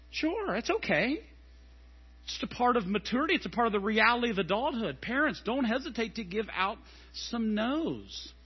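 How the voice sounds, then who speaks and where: A middle-aged man preaching a sermon as a pastor, animated and telling stories. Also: high voice, breathy edge, dull audio. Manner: animated and storytelling, acting out scenes.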